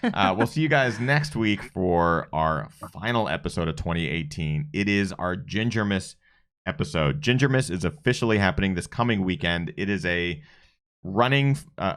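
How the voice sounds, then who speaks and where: Low-voiced upbeat male podcast host. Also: a bit bright. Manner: upbeat, chatty, listing sponsors in quick succession. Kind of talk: live show sign-off and promotion.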